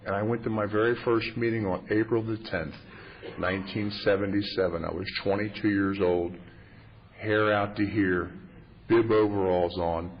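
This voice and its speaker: A man in his fifties gives a humorous, confessional talk at a recovery meeting, wry and self-mocking. His husky voice is on the low side, with fairly even intonation and a moderate pace, on muffled lo-fi tape with faint hiss.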